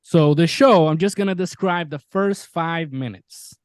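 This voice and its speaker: A man's voice: on the high side, a little slow, smooth, no room sound. A man co-hosting a podcast in casual chat, animatedly retelling a TV show and swearing freely. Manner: animated storyteller, swears freely, retells scenes with quoted voices. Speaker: podcast co-host.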